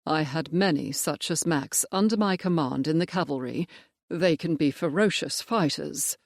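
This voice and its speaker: A narrator voicing a stern male cavalry major who speaks in a measured, firm way in an audiobook. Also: a little high, gravelly, dry recording, clean studio sound. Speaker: character in an audiobook. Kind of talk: audiobook character voice.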